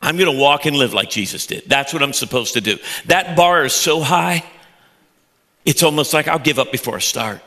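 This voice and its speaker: A middle-aged male pastor gives a sermon with a bright, forceful voice. He preaches with passion, climbing to loud high peaks and then dropping to soft, low stretches, and he often repeats words as he builds. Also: moderate pace. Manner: passionate, with sudden loud rises and soft drops; repeats words when excited.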